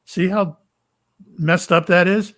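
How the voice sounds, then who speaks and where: Older man from Florida, somewhat higher voice, talks in starts and stops; guest telling personal stories. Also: steady tone, a bit bright. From Florida, USA. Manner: rambling, halting, with many fillers and restarts. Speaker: psychic medium and retired police officer. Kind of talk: casual storytelling interview.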